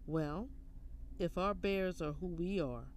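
A storyteller voicing a sad grown woman who speaks quietly. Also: medium pitch, slow pace, a little hiss or hum, lightly acted. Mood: subdued. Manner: quiet, subdued.

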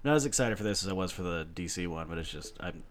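Lowish voiced podcast dude rambling and cussing, faint hum in the background. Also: male voice, animated, fast. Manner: rambling, swearing, ranting. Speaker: podcast co-host. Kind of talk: casual podcast chat.

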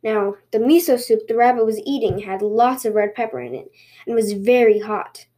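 Woman hosting a podcast, reads fairy tales out loud, lively, kinda high voice. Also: moderate pace. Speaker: podcast host and storyteller. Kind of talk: reading a folktale aloud.

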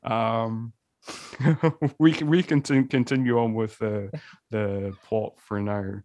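A man's voice: on the low side, fairly even intonation, slow, a little mellow, no room sound, studio quality. A man co-hosting a podcast, chatting casually about a movie, rambling with lots of restarts and fillers. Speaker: podcast co-host. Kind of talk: casual film discussion.

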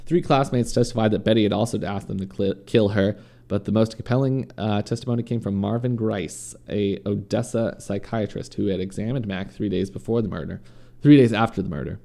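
A podcast host reads a true-crime story aloud casually, stumbling now and then and correcting himself. His lowish voice is gravelly and mellow and moves fairly quickly.

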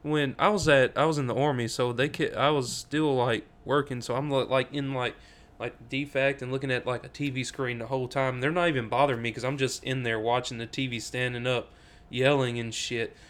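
A man's voice: mid-range voice, a little fast. A man co-hosting a casual sports chat, telling stories in a rambling, swearing way. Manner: rambling storyteller, swearing, gets loud and excited. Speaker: podcast co-host.

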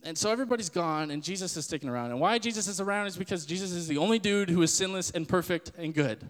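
A young man hosting a podcast, giving a casual sermon-style Bible talk in an animated way and acting out the voices he quotes. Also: high voice, quick pace, long reverb tail. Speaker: podcast host.

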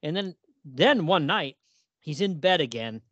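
A man's voice: on the high side, expressive, unhurried, fairly bright tone, dry recording, dull audio. A man co-hosting a casual podcast about old horror comics, reading the dialogue aloud in playful voices. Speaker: podcast co-host. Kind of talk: casual comic book discussion.

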